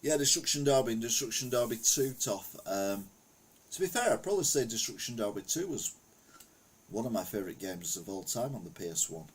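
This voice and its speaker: A man's voice: mid-range voice, expressive, brisk, breathy edge. A middle-aged man from England chatting casually on a retro gaming live stream, rambling through old stories and reading chat aloud. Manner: rambling anecdotal storytelling, reads chat aloud.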